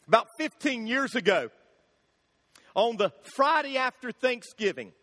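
A man preaching a sermon, telling funny stories in an animated way and acting out the shouting in them. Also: very high voice, unhurried. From Florida, USA. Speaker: pastor. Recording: long hall reverb.

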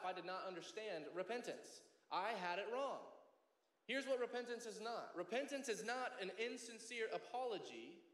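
A man in his thirties preaching a sermon as pastor, passionate and conversational, often checking in with "right?". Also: high voice. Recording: echoey hall reverb.

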